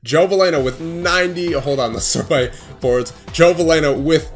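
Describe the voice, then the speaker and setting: A young man giving casual, excitable play-by-play commentary over his own hockey video game, laughing along as he plays. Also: on the high side, moderate pace, soft background music. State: out of breath at times. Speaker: gaming video creator.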